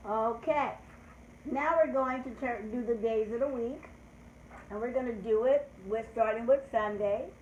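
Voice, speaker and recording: A woman's voice: on the high side, a little slow, a little mellow, highs cut off. An older woman hosting a live children's lesson, speaking in a patient, sing-song teacher voice. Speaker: children's show host teaching calendar. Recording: echoey room with faint background noise.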